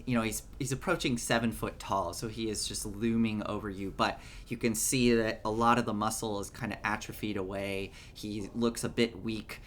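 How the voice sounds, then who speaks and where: A man narrating a tabletop game as game master in a relaxed way, with frequent fillers. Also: lowish voice, normal speed, few pauses, a little hiss or hum.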